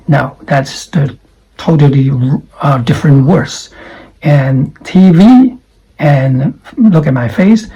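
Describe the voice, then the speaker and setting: Slow, husky-voiced male English teacher. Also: fairly high pitch, dark tone, poor audio. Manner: drills words slowly, repeats sounds, asks the viewer questions. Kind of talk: pronunciation lesson.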